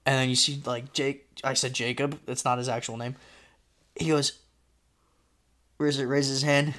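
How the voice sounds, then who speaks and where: A man hosting a casual podcast chat, telling a story with lively acted-out quotes. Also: mid-range voice, normal speed, long pauses. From Florida. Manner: animated, acts out shouted quotes. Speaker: podcast host.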